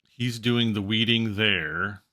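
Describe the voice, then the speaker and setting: A man hosting a farming game video, chatting casually and thinking out loud as he plays. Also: on the low side, slow pace. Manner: chatty, thinking aloud while playing. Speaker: gaming channel host. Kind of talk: casual gameplay commentary.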